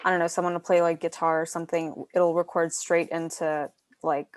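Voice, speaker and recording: Young woman asking haltingly, dry sound. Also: lowish voice, little pitch movement, dry recording. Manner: hesitant, full of "like" fillers. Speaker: workshop participant. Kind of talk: casual question over video call. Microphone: video call.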